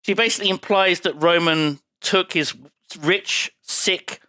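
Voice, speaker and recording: A man's voice: high-pitched, a little slow, pushed and bright, dry recording. A man co-hosting a podcast, recapping a film in a wry, casual way with some swearing. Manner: wry, swearing, puts on character voices. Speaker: podcast co-host.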